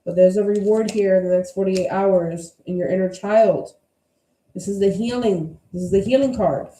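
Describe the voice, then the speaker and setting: A woman's voice: mid-range voice, normal speed, mellow. A woman giving a casual tarot energy reading to her viewers, blunt and emphatic, with plenty of swearing. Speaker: tarot reader. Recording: roomy echo.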